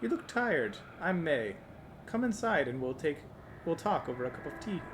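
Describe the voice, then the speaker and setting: A homely, chatty landlady, gently consoling and a little higher than everyday speech, as a man puts her on. The recording has audible background noise. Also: big pitch swings, normal speed. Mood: motherly. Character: kind middle-aged female Irish landlady. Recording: noisy home recording.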